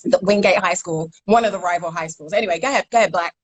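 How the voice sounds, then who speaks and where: A woman in her forties from South London with a South London accent, a guest in a casual interview chat over a video call, telling stories in a lively way, laughing often and repeating words. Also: lowish voice, racing, slightly rough, poor audio. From South London, England. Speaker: interview guest, rap pioneer.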